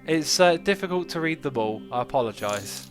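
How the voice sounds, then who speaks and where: A man's voice: a little high, expressive, normal speed, faint music behind. A man with a stuffy, congested nose hosting a casual gaming livestream, chatting and thinking aloud as he plays. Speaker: livestream host.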